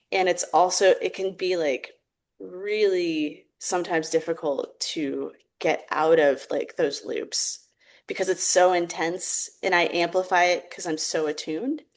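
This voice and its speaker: Reflective woman, low voice, casual chat. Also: steady tone, unhurried. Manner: reflective, many "like" fillers, laughs easily. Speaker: therapeutic theatre practitioner, podcast guest.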